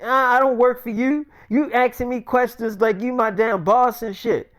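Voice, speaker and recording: A man's voice: high-pitched, moderate pace, a little mellow, close to an everyday voice. A man voicing a blunt, sarcastic character who talks in a brash, cursing, irritable way.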